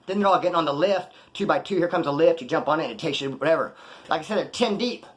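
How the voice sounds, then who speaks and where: A man's voice: a little high, racing, husky. A young man telling a story in a casual monologue, full of slang and swearing, acting out what people said. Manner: profane slangy street talk, animated retelling. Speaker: vlogger telling prison and post-release stories.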